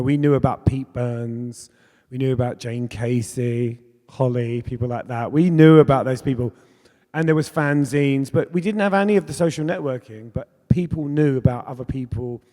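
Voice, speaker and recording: In a hall at a festival, a pop musician in his fifties tells candid stories during an onstage conversation, chatty and quick to laugh. His mid-range voice is mellow, and the recording carries a long hall reverb.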